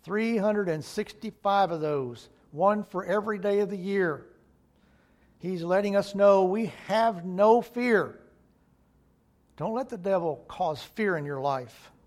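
A man's voice: high-pitched, slow pace, a little mellow. A male pastor preaching a sermon in an emphatic way, repeating key phrases for weight.

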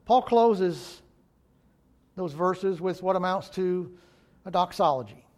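Guy preaching a sermon, high voice, keeps repeating lines for emphasis. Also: expressive, slow pace, a little mellow. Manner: emphatic, repeats key phrases. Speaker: pastor.

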